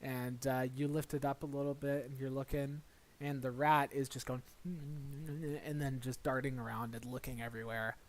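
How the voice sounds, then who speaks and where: A man narrating a tabletop role-playing game as dungeon master, relaxed and halting, with fillers and restarts. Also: medium pitch.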